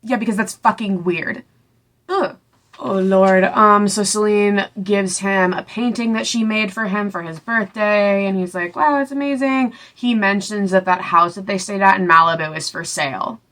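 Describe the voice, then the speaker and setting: A young woman casually recapping a book, sarcastic and chatty, acting out the characters' lines in quick little voices. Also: mid-range voice, fairly even intonation, fairly bright tone. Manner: sarcastic, chatty, full of "like" and asides. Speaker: book reviewer.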